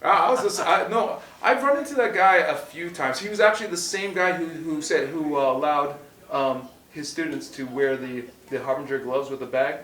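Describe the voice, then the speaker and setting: A man casually telling a martial arts story, animated and full of restarts, acting out what people said. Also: a little high, normal speed. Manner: animated, acts out quotes loudly, many restarts. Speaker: martial arts instructor co-host. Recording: roomy echo, distant from mic.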